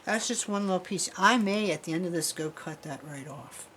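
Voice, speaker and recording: A woman's voice: on the low side, expressive, normal speed, fairly bright tone, a little hiss or hum, low-quality recording. A woman giving a casual, chatty crafting demonstration in her workshop, rambling a little as she works with her hands. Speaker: jewelry-making instructor.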